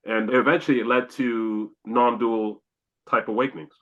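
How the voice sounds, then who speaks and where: A man's voice: mid-range voice, steady tone, normal speed, fairly bright tone, lo-fi sound. A man from Canada, a podcast guest, telling a long personal story and acting out his own exclamations.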